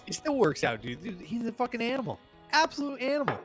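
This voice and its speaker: A young man co-hosting a casual podcast, profane and excitable, peppering his talk with dude. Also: very high-pitched, fast, faint music behind. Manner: profane, keeps saying dude. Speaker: podcast co-host. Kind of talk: casual chat.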